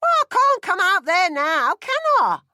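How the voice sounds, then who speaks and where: A woman's voice: extremely high pitch, wildly swooping pitch, measured pace, pushed and bright, no echo, studio quality, pitched above the performer's own voice, heavily acted. A woman reading an audiobook, voicing a harried, scolding working-class mother from London. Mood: shouting. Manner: screeching, scolding. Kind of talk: audiobook character voice.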